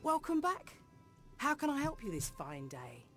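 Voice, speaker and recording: An actress playing a calm female innkeeper in a video game, speaking in a polite, composed way. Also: high voice, moderate pace, faint music behind. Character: calm female innkeeper at peace with her past. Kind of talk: game dialogue.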